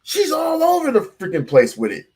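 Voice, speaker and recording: Man, blunt host, sarcastic, profane, lively swings in pitch. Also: normal speed, slightly rough. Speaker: show host. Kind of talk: casual reaction commentary.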